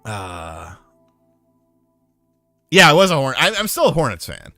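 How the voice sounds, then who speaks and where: A man casually telling a profane story on a live stream, getting loud and heated when he retells a fight. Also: mid-range voice, wildly swooping pitch, unhurried, no room sound, faint music behind. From lived in North Carolina.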